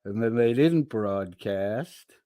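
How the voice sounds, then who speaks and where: A middle-aged man talks slowly and lazily, in a fairly low voice, as he hosts a casual livestream. He reads chat aloud and answers it with loose, profane banter. The sound is dry and close, with no room echo. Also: expressive, warm tone. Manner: slow, drawling, profane banter. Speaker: livestream host reading chat.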